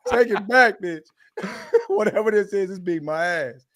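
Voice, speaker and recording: A man co-hosting a casual sports podcast, hoarse from a cold, joking and laughing with profanity. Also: high voice, very animated, takes it slowly, a bit bright, no room sound, clean studio sound. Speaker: podcast co-host.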